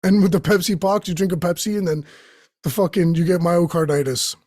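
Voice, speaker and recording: A young male host with a high-pitched, slightly husky voice rambles through a profane comic monologue. He jumps from one tangent to the next and slips into quick impressions. The sound is dry and close to the mic. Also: fairly even intonation, darkish tone, dry recording. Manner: profane, tangent-jumping, acts out quoted voices.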